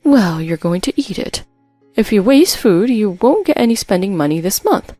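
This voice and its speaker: A woman's voice: mid-range voice, big pitch swings, warm tone, no echo, soft background music. A woman playing a stern, scolding sister. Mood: stern brisk. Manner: brisk, firm, scolding. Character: stern, scheming older sister, brisk and unsympathetic.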